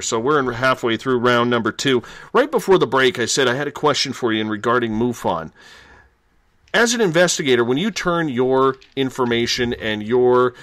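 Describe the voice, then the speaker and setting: Radio host, man, mid pitch, dry close studio sound, upbeat and chatty. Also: fairly bright tone, no room sound. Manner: upbeat, plugs and chats with guest. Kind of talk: live late-night radio talk. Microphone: studio microphone.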